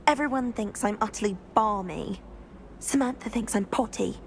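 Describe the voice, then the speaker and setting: An actress voicing a distracted, whimsical young female student in a video game, speaking in a lively, slightly scatterbrained way. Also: medium pitch, moderate pace, vocal fry, background noise, close to an everyday voice. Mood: chatty.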